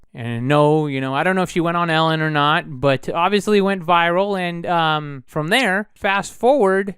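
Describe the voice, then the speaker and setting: A man's voice: smooth, dry recording, studio quality. Chatty man hosting a solo podcast. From United States. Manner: animated, chatty, swings pitch for emphasis. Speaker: podcast host.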